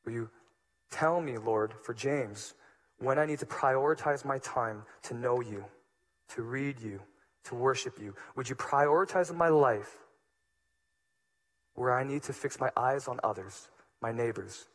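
A man preaching a sermon as pastor, moving between hushed, low passages and loud, emphatic ones. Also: measured pace.

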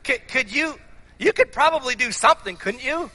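A rambling, pleading male disciple who talks fast and pushes his point in a high, bright, ringing voice, as a preacher puts him on. His words carry a long hall reverb. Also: expressive, heavily acted. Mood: coaxing. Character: hesitant male disciple answering his teacher.

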